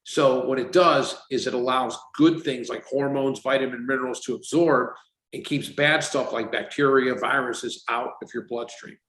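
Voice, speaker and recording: A man in his sixties talks at a middle pitch, chatty and animated, slipping into the voices of the people in his stories. The room rings around him, giving his voice a noticeable echo. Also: moderate pace. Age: 60s. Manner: animated storyteller, acts out quotes. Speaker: company CEO guest. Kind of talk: casual podcast interview. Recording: roomy echo.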